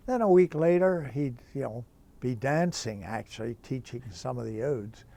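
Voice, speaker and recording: Gravelly older priest telling stories. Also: male voice, medium pitch, moderate pace. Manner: lively, chatty, full of asides. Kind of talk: anecdotal storytelling.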